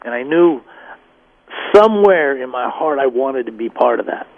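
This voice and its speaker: Over a tinny phone line, a former gang member from the Denver area of Colorado tells his life story as a guest, acting out the voices of the people he quotes. His medium-pitched voice is animated and moves at normal speed in a dry recording.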